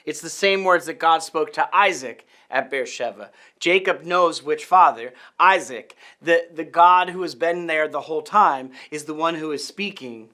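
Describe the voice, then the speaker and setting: A man's voice: a little high, normal speed, pushed and bright. A man preaching a sermon, teaching earnestly and restarting his phrases. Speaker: pastor.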